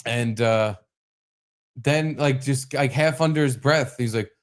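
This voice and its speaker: A young man co-hosting a podcast, telling a story with lots of swearing and animated bursts. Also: medium pitch, a little slow. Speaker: podcast co-host. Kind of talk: casual podcast chat.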